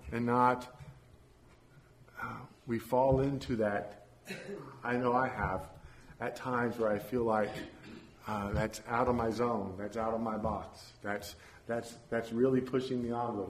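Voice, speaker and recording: A man's voice: fairly low pitch, a little hiss or hum. A man preaching in a church, reading a story aloud and leading a prayer with earnest, repeated phrases.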